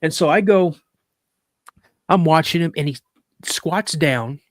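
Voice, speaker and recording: Animated storytelling man. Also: a little high, slow pace, no room sound, clean studio sound. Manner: animated, vivid retelling with acted quotes; rambling with restarts. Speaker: podcast guest. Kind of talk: casual storytelling.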